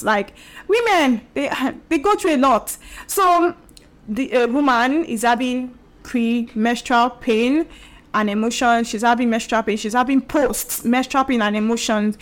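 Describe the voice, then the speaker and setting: A woman hosting a solo podcast, talking earnestly and emphatically and acting out the voices she quotes. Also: fairly high pitch. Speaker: podcast host.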